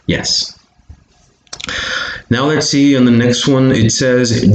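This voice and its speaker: A man's voice: mid-range voice, steady tone, slow, pauses often. A man with a Bolivian Spanish accent, giving an online English lesson and patiently repeating example sentences for pronunciation. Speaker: English teacher. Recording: echoey room, faint background hiss.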